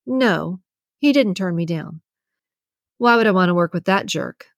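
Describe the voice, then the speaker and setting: Gruff male security boss read by a woman, clipped, guarded, audiobook character, dry close sound. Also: on the low side, lively intonation, a little slow, no room sound.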